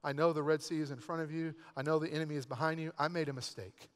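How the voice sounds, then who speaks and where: A preacher voicing God in a mock apology, low and sheepish, lines delivered as a joke in a sermon. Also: male voice, fairly even intonation, fast, clear, resonant tone, close to an everyday voice. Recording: long church hall reverb.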